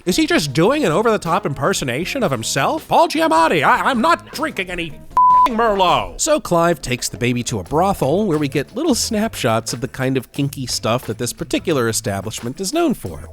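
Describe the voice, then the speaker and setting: A man hosting a film review video, talking in casual comedic commentary with a wry, self-deprecating humor. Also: fairly high pitch.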